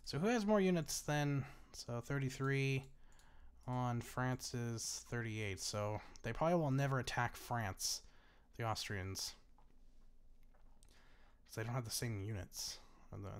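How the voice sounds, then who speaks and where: A man's voice: medium pitch, unhurried. A man casually commentating a strategy game he is watching, chatty and bemused, swearing freely and laughing often. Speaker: gaming YouTuber. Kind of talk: casual let's-play commentary.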